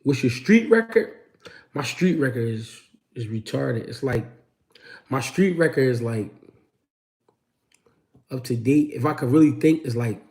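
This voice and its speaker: Dude hosting a chill livestream, slangy, mid-pitched, telling street stories. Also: male voice, measured pace, pauses often, warm tone. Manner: slangy, laid-back street storytelling. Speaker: host. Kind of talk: livestream chat.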